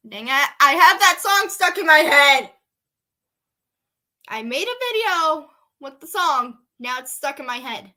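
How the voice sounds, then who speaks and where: A woman's voice: high-pitched, sing-song, a little slow, bright, forceful tone. A woman reading a fan story aloud with playful, giggly chatty asides. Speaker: let's-play creator.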